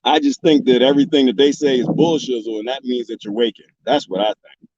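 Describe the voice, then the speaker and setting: A man hosting a casual livestream, reading comments and rambling in an animated, profane and laughing manner. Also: medium pitch, fairly quick, no room sound. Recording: dull lo-fi dry sound.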